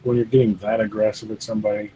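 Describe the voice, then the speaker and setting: Blunt, mellow-voiced man on a podcast. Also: fairly low pitch, level tone, racing, slight background noise, low-quality recording. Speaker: podcast co-host. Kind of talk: casual chat.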